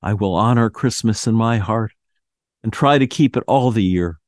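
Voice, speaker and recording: A man's voice: fairly low pitch, moderate pace, no echo, natural voice. A man voicing a terrified old miser who pleads with a ghost in a quavering, raised voice, in a dry audio drama reading. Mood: desperate.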